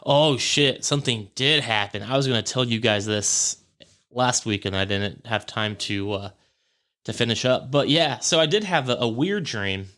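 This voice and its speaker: A man's voice: mid-range voice, normal speed, sharp tone. A man hosting a podcast, telling a story in a casual, rambling way and correcting himself as he goes. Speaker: podcast host. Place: home podcast room.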